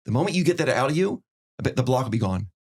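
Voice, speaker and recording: Fast-talking earnest man podcast host. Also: mid-range voice, big pitch swings, darkish tone, slightly rough. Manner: earnest, acts out little dialogues. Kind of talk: casual advice chat.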